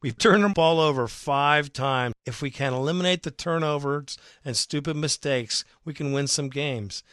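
A man hosting a fan podcast, talking in a casual, rambling, excitable way and swearing freely, with his voice going hoarse. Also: fairly high pitch, moderate pace, few pauses, no room sound, clean studio sound. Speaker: podcast host.

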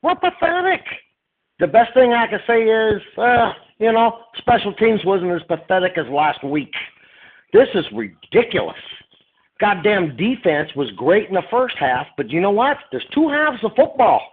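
A man's voice: sits high, animated, normal speed, husky. A man calling in to a radio show, venting his frustration with plenty of swearing. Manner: frustrated, profane, exasperated. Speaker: caller. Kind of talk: angry fan rant. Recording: tinny phone line.

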